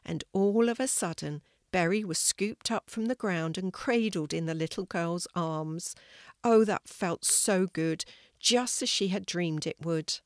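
Gentle older grandma storyteller. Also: female voice, on the low side, dry recording, studio quality. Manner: gentle and measured. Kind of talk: reading a children's story.

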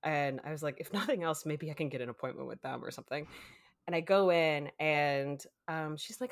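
Speaking briskly in a low voice, a female podcast co-host casually tells a long story, performing the quoted lines and laughing frequently.

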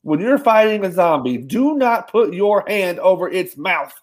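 A man co-hosts a relaxed film podcast in a slightly raised voice. He stammers a little and replays his own reactions as quotes. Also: sits high, unhurried. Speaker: podcast co-host. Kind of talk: casual movie review chat.

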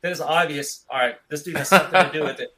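A man in his thirties spinning a long, loose story in easygoing casual chat. His voice sits a little higher than most men's. He rambles along, relaxed, dropping "dude" all the time. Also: very fast, a crowd in the background, low-quality recording. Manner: rambling, laid-back, says "dude" a lot.

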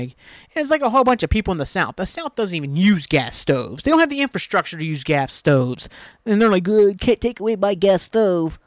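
A man's voice: fairly high pitch, dry recording, clean studio sound. Rambling, ranty podcast guy. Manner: rambling and ranty, swears freely. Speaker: podcast host. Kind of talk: casual solo podcast talk.

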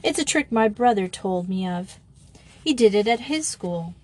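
A woman's voice: medium pitch, expressive, normal speed, a little mellow, lightly acted. A mischievous twelve-year-old girl, as a woman reads her, offhand and unbothered. The voice stays close to the reader's own in a storybook reading.

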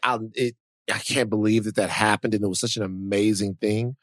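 A man co-hosting a podcast, talking casually in a rambling, animated, self-mocking way. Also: fairly low pitch, a little fast, no room sound, studio quality. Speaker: podcast co-host. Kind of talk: casual chat.

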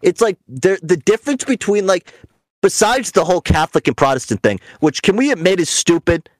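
A man's voice: sits high, expressive, fairly quick, no echo. A young adult man hosting a podcast in casual chat, a profane, rambling storyteller who mocks and rants. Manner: mocking, ranting. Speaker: podcast host.

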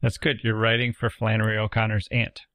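A man with a fairly low voice talks thoughtfully about books, filling pauses with small "uh"s and "I mean"s. He reads endings of stories aloud. The recording is close and dry. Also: completely flat delivery, fairly bright tone, no echo. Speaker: podcast co-host. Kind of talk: casual literary chat with read-aloud passages.

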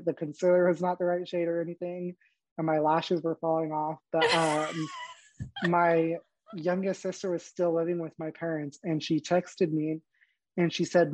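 Young man, podcast guest, candid storytelling, acts out quotes, even pitch, slightly lo-fi sound. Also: moderate pace, no echo. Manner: animated, laughs often, acts out quoted dialogue.

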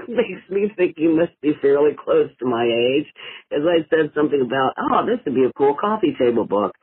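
An older man from Ohio leaving a laid-back, rambling voicemail, full of drawn-out uhs and small laughs. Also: fairly high pitch, sing-song, slightly rough, dry recording, narrow, tinny audio. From Ohio, USA. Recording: phone voicemail.

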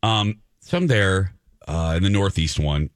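A man's voice: sits low, measured pace, no echo, studio quality. A male radio host, telling anecdotes on a casual talk show and voicing the people in them. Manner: animated storyteller, voices others in his anecdotes.

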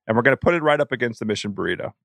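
A man hosting a podcast, chatting casually about food, animated and laughing, with stumbling restarts. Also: mid-range voice, rapid-fire, vocal fry, no echo. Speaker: podcast host.

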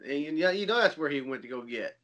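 A man with a high, bright voice joins a casual conversation, agreeing readily and laughing along. He talks loosely, with repeated starts. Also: lively intonation, quick pace. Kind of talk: casual chat.

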